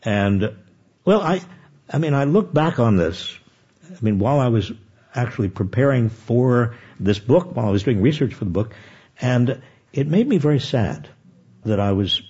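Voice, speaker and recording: An older man talks with a husky edge and swinging pitch. He tells self-deprecating stories with many restarts. The recording sounds dull and lo-fi. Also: normal speed. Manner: animated, self-deprecating anecdotes with frequent restarts. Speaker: guest author. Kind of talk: conversational storytelling.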